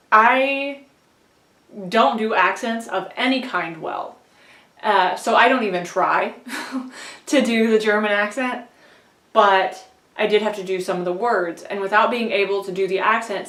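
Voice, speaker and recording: A woman's voice: medium pitch, a bit bright. A woman vlogging casually about her audiobook reading, chatty and self-deprecating, laughing often. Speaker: book vlogger and audiobook reader. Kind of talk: casual rambling vlog. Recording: echoey room, voice a bit far from mic.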